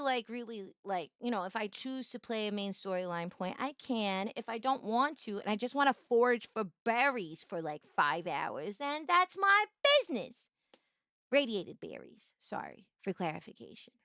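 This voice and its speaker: A young woman streaming casual chat, bubbly and playfully teasing, jumping up high to greet viewers. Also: sharp tone, no echo, studio quality. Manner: bubbly, greets chatters with high-pitched squeals.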